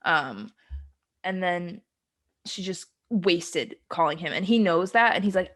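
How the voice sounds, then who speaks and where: A woman's voice: lowish voice, animated, slow pace, a bit bright. A young adult woman co-hosting a podcast, casually recapping a film plot in a rambling way, with lots of ums and frequent giggles. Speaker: podcast co-host. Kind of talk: casual chat.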